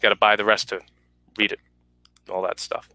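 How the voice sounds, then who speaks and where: A man reading his own short story aloud at a virtual book launch, in a brisk, clipped manner with small restarts. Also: on the low side, little pitch movement, bright, forceful tone, no echo. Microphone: home video call mic.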